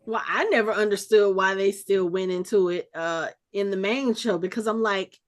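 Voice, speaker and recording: A woman hosting a podcast in casual chat, thinking out loud and restarting her sentences as she speculates. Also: medium pitch, steady tone, moderate pace, few pauses. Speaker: podcast host.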